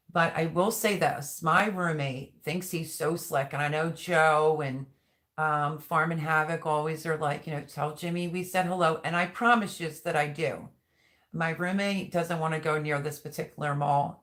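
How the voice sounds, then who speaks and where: A middle-aged woman hosts a live stream, chatting casually and rambling as she reads viewer comments aloud. Her voice is low and a bit bright.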